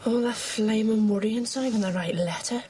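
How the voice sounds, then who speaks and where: A woman's voice: high-pitched, sing-song, moderate pace, background noise. A gossipy, teasing woman.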